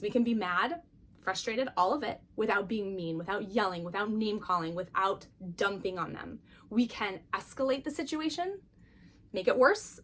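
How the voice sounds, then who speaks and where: A woman's voice: a little high, slight background noise. A middle-aged woman teaching a parenting lesson in an earnest, encouraging, chatty way, acting out little quotes to her kids. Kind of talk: talking-head parenting lesson.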